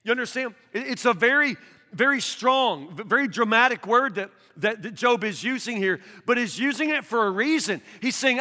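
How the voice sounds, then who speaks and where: A male pastor preaching an earnest sermon, repeating words as he presses his points and rising toward a shout. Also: very high-pitched, lively intonation, normal speed. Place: church hall. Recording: long hall reverb.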